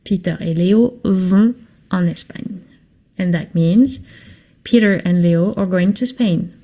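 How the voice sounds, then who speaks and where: A woman teaching a French lesson in English, speaking slowly and patiently and repeating phrases for her learners. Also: fairly low pitch, mellow. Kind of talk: slow classroom lesson.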